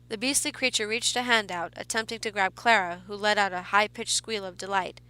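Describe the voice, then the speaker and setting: A woman reads a horror story aloud at a steady, measured pace, now and then restarting a phrase. Her voice is bright and forward. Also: mid-range voice. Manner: measured reading with small restarts. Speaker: narrator.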